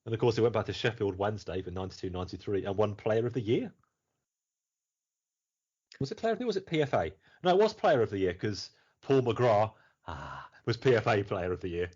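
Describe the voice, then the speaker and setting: Guy rambling on a podcast, low husky voice, lots of ups and downs, muffled lo-fi sound. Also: brisk. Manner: rambling, animated, laughs often, swears. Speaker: podcast host. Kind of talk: casual chat.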